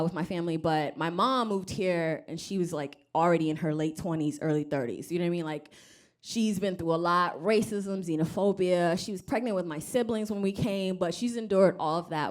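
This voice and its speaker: A woman's voice: fairly low pitch, moderate pace, darkish tone. A woman from Rwanda doing a stand-up comedy set on stage, wry and self-deprecating, acting out other people's voices. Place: comedy club stage with live audience.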